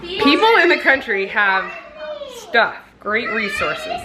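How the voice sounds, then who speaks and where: A woman's voice: sits high, huge pitch swings, slow, heavy background noise. A woman in her thirties from Nebraska, chatting casually to camera in a family vlog and laughing often. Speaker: vlogger, mother.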